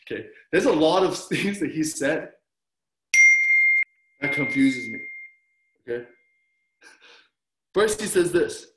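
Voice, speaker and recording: A man preaching a sermon as pastor, telling stories with animated delivery and acting out his own reactions. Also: a little high, slow, long pauses. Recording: roomy echo.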